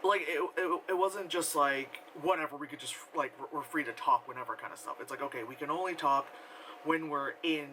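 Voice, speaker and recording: A man's voice: on the high side, fairly quick, pushed and bright, a little hiss or hum, low-quality recording. A man giving a casual, rambling film review full of fillers and offhand swearing. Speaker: movie reviewer.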